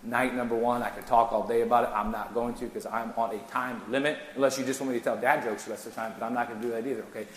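A man preaching a sermon, his delivery swinging between hushed intensity and loud, lively storytelling. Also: medium pitch, racing, few pauses, a little hiss or hum. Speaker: pastor. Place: church sanctuary. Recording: echoey church hall.

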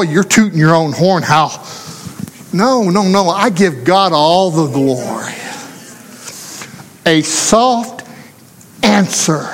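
A man's voice: sits high, long reverb tail. A man preaching a sermon, telling a folksy story and acting out the voices of the people in it. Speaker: pastor.

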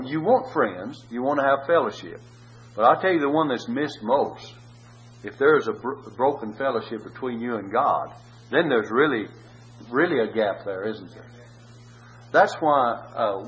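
A man's voice: medium pitch, fairly bright tone, dull audio. A man preaching a sermon in an earnest way, rising into pleading cries.

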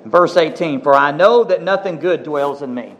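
High-voiced animated preacher man. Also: moderate pace, dull audio, slight background noise. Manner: animated, emphatic, addresses congregation as folks. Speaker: pastor. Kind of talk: sermon with scripture reading.

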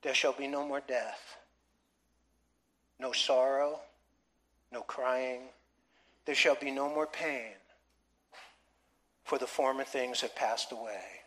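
A man's voice: medium pitch, fairly even intonation, takes it slowly, long pauses, a bit bright. A man preaching a sermon in a church, emphatic, with many rhetorical questions to the congregation. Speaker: pastor.

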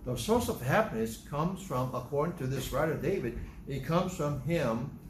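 Animated preacher man in an echoey room. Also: a little high, normal speed, slight background noise. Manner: animated, asks the congregation questions. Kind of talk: Bible teaching sermon. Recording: echoey room, faint ambience.

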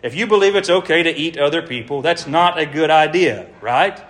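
A man's voice: on the high side, animated, a little fast, a bit bright. A man preaching an evangelistic sermon to a congregation in an earnest, emphatic way, with many rhetorical questions.

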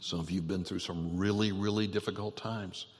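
A man preaching a sermon as pastor, building up to emphatic bursts when he quotes scripture and then going quiet and gentle for the closing prayer. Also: deep voice, fairly even intonation, brisk, long reverb tail, a little hiss or hum. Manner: rises to emphatic exhortation on scripture, drops soft for prayer.

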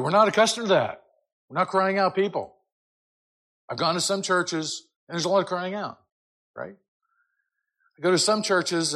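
A man teaching a church class in a conversational way, often checking in with "right?", and reading scripture aloud with loud, drawn-out emphasis. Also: fairly high pitch. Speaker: Sunday school teacher.

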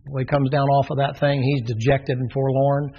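A man's voice: mid-range voice, little pitch movement, normal speed, breathy edge. A man preaching a sermon, telling the story with drama and acting out the characters' voices. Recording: dull lo-fi sermon recording.

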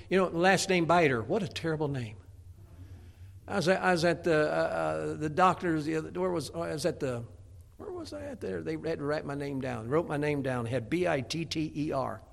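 A middle-aged male pastor delivers a sermon with a gravelly, rough-edged voice. His pitch sits a little high for a man. He speaks in a folksy, homespun way, stumbling into repeated words before pushing on. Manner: folksy, repetitive, stammering restarts.

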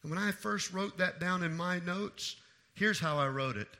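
A married man preaching an evening sermon, pressing his points by repeating them and swinging from hushed to loud. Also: high voice, moderate pace. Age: adult. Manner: emphatic preaching with repeated phrases. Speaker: pastor.

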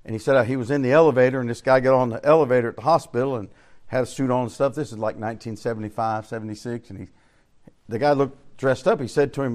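A man's voice: medium pitch, fairly even intonation, fast. Older man, folksy preaching with dynamic swings. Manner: folksy storytelling with swings between loud and soft. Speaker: pastor. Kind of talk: Bible study sermon.

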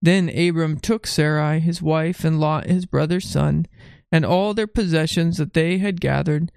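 Middle-aged dad doing bible time with his kid at home, gravelly voice, dry close sound, patient and gentle. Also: a little high, no echo. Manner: gentle, coaxing a small child, reads scripture aloud. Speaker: father leading a family devotion. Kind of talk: casual devotional chat with Bible reading.

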